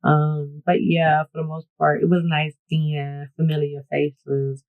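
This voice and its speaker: A woman's voice: sits low, takes it slowly, dry recording. Chatty woman on tinny, dry audio. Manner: chatty, profane, talks straight to viewers; animated storytelling with sudden bursts of emphasis. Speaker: beauty vlogger. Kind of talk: casual get-ready-with-me storytime.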